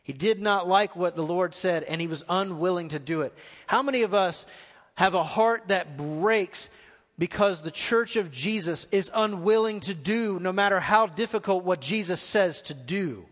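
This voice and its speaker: A man's voice: sits high, moderate pace, a bit bright, big-room sound. A man preaching a live sermon as pastor, asking the congregation questions as he goes. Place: church hall.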